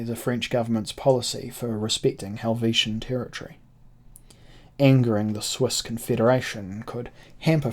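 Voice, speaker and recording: A man narrating a first-person adventure novel in a measured, deliberate reading. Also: medium pitch, a little mellow.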